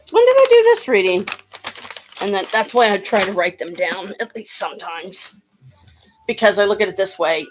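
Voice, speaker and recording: On a low-quality recording, a woman with a lowish voice gives a casual tarot card reading. The tarot reader is chatty and rambling, using lots of fillers.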